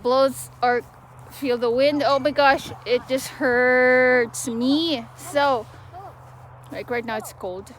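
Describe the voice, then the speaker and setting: A woman vlogging casually outdoors in a cold wind, talking in a halting, chatty way and repeating words. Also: high-pitched, fairly even intonation, poor audio. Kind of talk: casual vlog.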